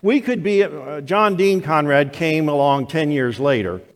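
An older man preaching a sermon as pastor, telling the story slowly and deliberately. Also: fairly high pitch, expressive. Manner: slow, deliberate storytelling delivery. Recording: long hall reverb of a church.

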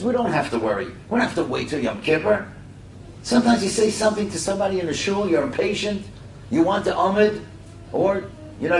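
A middle-aged man telling a heartfelt moral story, animated and acting out the voices. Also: sits high. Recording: roomy and distant with faint hiss.

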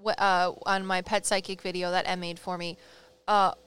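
A woman's voice: fairly low pitch, moderate pace, smooth. A woman with a Midwestern accent, a psychic medium co-hosting a casual podcast, telling stories animatedly and laughing often. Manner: animated storyteller, acts out quotes, laughs often.

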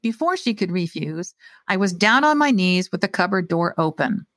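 A woman narrating a first-person mystery novel in a wry, steady storytelling manner. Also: fairly low pitch, moderate pace, no echo. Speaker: audiobook narrator.

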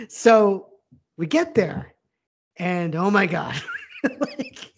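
A man co-hosting a casual sports podcast, animated and blunt, laughing often as he talks. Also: high-pitched, very slow, gravelly, a little hiss or hum. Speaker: podcast co-host. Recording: dull lo-fi sound.

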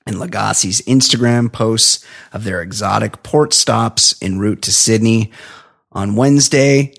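With a fairly low pitch and noticeable vocal fry, a man co-hosting a podcast reads out news items and follows each with crude, jokey riffing.

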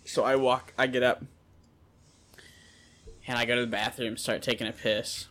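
A man's voice: mid-range voice, flat delivery, moderate pace, a bit bright. A man joking in a casual podcast chat, swearing and laughing at his own stories. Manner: joking and profane, laughs often.

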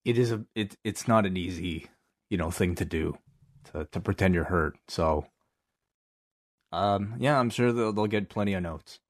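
Male podcast co-host, lower voice, halting casual delivery. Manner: hesitant, many fillers and restarts. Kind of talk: casual chat.

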